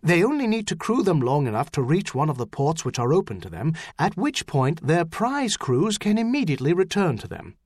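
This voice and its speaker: A man's voice: on the high side, a little mellow, dry recording, clean studio sound, pitched above the performer's own voice. A man reading an audiobook, voicing an anxious, angry official who insists on a worry. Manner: worried, insistent. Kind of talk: audiobook character voice.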